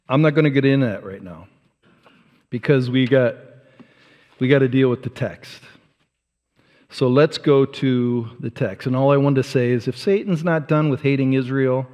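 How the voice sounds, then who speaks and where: Emphatic man preaching in a hall. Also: medium pitch. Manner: emphatic, rhetorical questions, swings from loud to soft. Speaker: pastor. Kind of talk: sermon. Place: church sanctuary.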